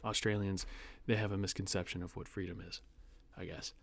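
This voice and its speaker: A young man from the United States reads an online post aloud in a lowish voice. He keeps breaking off to mock it with sarcastic asides in loose, casual commentary. The sound is dry and close, with no room in it. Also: level tone, brisk, gravelly, no room sound. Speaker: host reading online posts.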